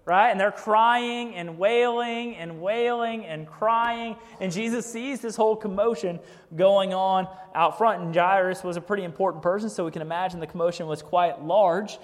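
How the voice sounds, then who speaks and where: A man preaching in a relaxed, chatty way, tossing in jokes and a frequent "right?". His voice sits a bit high for a man. The sound carries the long reverb of a big church sanctuary. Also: normal speed. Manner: conversational, keeps asking "right?", jokes. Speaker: pastor. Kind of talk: sermon.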